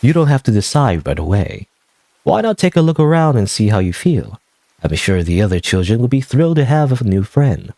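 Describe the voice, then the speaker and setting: A man voicing a gentle, kindly middle-aged priest who speaks softly. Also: medium pitch, big pitch swings, a little fast, no echo. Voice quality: soft-spoken.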